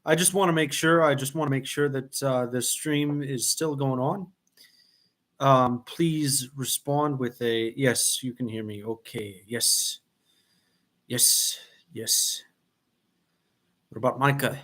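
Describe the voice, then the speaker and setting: Male livestream host, casual and apologetic, slow and drawn-out delivery, doing dishes at home. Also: mid-range voice, fairly even intonation, a bit bright. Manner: rambling, apologetic, laughing. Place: home kitchen, washing dishes.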